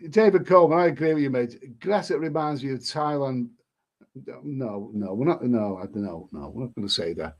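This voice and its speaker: A man's voice: mid-range voice, moderate pace, dull audio. A man hosting a casual live stream, reading viewer comments aloud and answering them with rambling, chuckling asides and many restarts.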